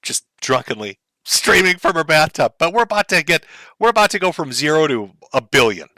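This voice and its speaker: A man's voice: fairly high pitch, big pitch swings, fairly quick, pushed and bright, no room sound. A middle-aged man giving sarcastic, mocking commentary on a live stream for his chat.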